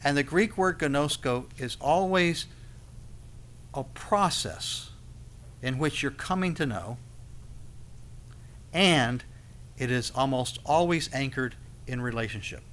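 A man preaching a sermon, swinging between loud emphasis and soft, intimate passages. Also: mid-range voice, slow, pauses often.

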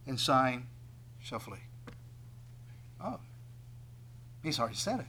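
A man preaching a sermon, reading scripture aloud and swinging from loud emphatic declarations to hushed whispers. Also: mid-range voice, sing-song, takes it slowly, pauses often, slight background noise, poor audio. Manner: acts out dialogues with God in other voices. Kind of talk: sermon, Bible teaching.

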